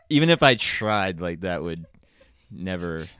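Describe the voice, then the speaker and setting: Guy on a podcast, deep voice that swings around a lot, kinda hesitant, dry sound. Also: sing-song, smooth, no echo. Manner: hesitant, soft-spoken, halting starts. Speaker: podcast guest, screenwriter. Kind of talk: casual chat.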